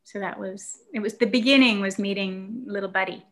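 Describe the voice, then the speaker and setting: A woman from the United States tells a personal story in easy conversation. Her voice is bright and forward, and she circles back with restarts and "um"s as she remembers. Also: mid-range voice, steady tone, brisk. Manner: warm, reflective storytelling with fillers and restarts. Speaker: guest telling a childhood story. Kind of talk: casual conversation.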